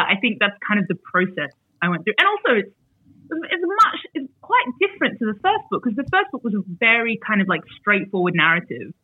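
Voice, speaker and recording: A woman's voice: medium pitch, slightly rough, no room sound. Woman on a tinny video call. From Australia. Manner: chatty, many fillers, animated when retelling. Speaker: author guest. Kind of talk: casual interview over video call.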